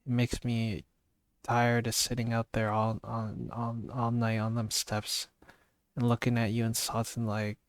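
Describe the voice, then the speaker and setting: A man's voice: mid-range voice, completely flat delivery, measured pace, dry recording, lightly acted. A man reading the lines of a frightened young manservant and former soldier who rambles and repeats himself. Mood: indignant. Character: young male servant, ex-soldier, frightened but blunt.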